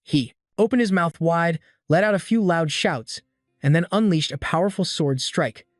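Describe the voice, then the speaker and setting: A man reading a scripted story recap as narrator, in an even, steady delivery. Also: on the high side, normal speed, no echo, studio quality. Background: faint background music.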